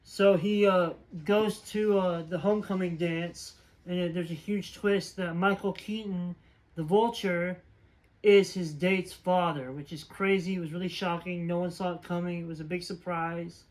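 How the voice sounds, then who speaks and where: A man's voice: sits high, fairly even intonation, unhurried, low-quality recording. A man casually recapping a movie's plot as a reviewer, rambling along with lots of filler words. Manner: rambling, filler-heavy retelling.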